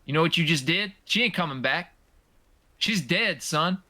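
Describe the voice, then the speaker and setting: A man acts out a hot-headed brawler in a tabletop game, swearing and threatening. The voice is bright and sharp-edged, with a slightly raised pitch. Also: animated, normal speed. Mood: menacing. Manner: menacing, swearing.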